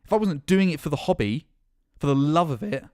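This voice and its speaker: A man's voice: fairly high pitch, animated, a little fast, darkish tone, no room sound, clean studio sound. A man delivering an angry, impassioned vlog rant as a gaming YouTuber, sarcastic and swearing often. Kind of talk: ranting vlog commentary.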